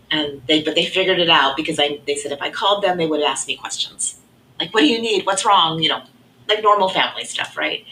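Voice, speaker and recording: A middle-aged woman sharing her faith testimony in an earnest, reflective way, often trailing off softly. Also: deep voice, slight background noise, rough recording.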